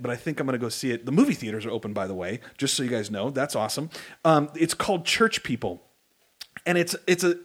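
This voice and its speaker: A male pastor preaching a sermon in an animated, conversational way, with humorous asides. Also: on the high side.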